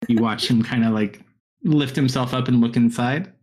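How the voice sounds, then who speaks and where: A man running a tabletop game as dungeon master, narrating in a relaxed, conversational way. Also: medium pitch, moderate pace. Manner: relaxed, conversational, filler-heavy.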